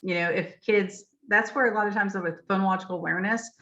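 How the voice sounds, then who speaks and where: A woman leading a teacher training session over a video call, explaining clearly with frequent ums and saying example phrases aloud. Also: medium pitch, steady tone, quick pace, fairly bright tone. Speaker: literacy trainer. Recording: dull lo-fi video call audio.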